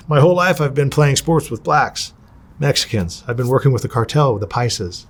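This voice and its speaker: A man being interviewed speaks at medium pitch, expressively and briskly. He tells candid, profane stories, acting out the people he quotes.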